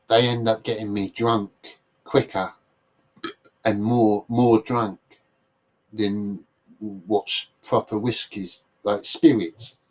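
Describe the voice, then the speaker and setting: A man with an English accent, hosting a livestream and chatting casually with viewers in a rambling, self-deprecating way. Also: fairly low pitch. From England. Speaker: livestream host.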